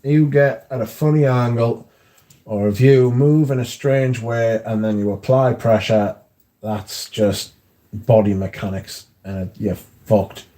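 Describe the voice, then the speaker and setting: A man's voice: mid-range voice, fairly even intonation, slow pace, dark tone. A man hosting a livestream, chatting casually with viewers and telling rambling anecdotes full of swearing and filler words. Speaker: livestream host.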